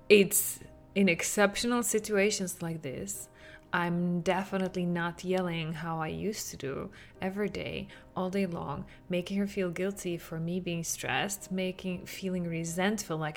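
Woman coaching parents on a podcast, kinda low, quiet music behind. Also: unhurried, vocal fry. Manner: animated, acts out quotes with laughs. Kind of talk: podcast monologue.

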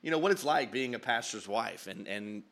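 A man's voice: mid-range voice, expressive, normal speed, a bit bright. A man hosting a casual podcast from his home office, upbeat and rambling, often breaking into laughter. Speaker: podcast host and pastor. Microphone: studio mic with headphones.

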